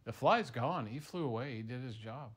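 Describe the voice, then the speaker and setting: A man improvising a playful story for a child, moving from hushed tones to excited bursts. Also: medium pitch, normal speed, heavy background noise.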